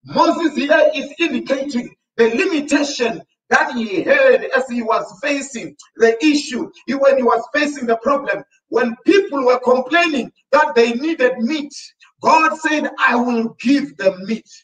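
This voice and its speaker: A South African man preaching a sermon as pastor, repeatedly addressing the congregation as ladies and gentlemen. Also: very high-pitched, measured pace. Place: church. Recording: echoey church from far off.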